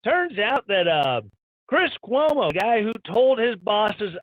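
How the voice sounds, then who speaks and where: Brief: high-pitched male live stream host, irreverent ranting commentator. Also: big pitch swings, measured pace, no room sound. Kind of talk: sarcastic news commentary. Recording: dull lo-fi stream audio.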